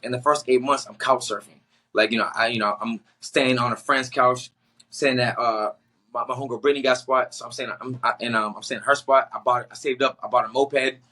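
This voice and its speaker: A young man from the Boston area tells a story as a guest on a podcast. He talks casually and with lots of slang, and he acts out the lines of the people in his story. His voice is bright and forceful. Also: medium pitch, fairly even intonation, fairly quick.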